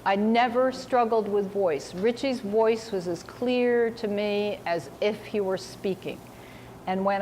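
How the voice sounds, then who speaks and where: A woman's voice: mid-range voice, slight background noise. A woman novelist speaking at a university seminar, chatty and self-mocking, acting out remarks she quotes. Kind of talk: casual talk answering audience questions.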